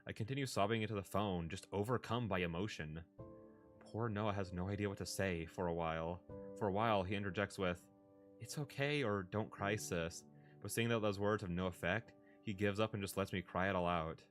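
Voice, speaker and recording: A man's voice: low voice, steady tone, fairly quick, soft background music. A man reading a story aloud in plain first-person narration with small stumbles. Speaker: story reader.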